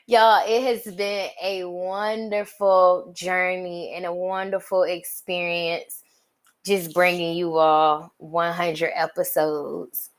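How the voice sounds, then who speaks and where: A woman hosting her own podcast, giving motivational talk with drawn-out, emphatic pauses and colloquial phrasing. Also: on the low side, little pitch movement. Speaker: podcast host.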